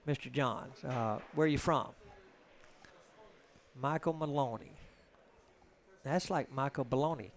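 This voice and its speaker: A man's voice: mid-range voice, a little slow, long pauses. A man with a Southern US accent from Georgia, chatting in a rambling, joking way as a commentator on a live pool stream. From Georgia, USA. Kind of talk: casual live-stream chat.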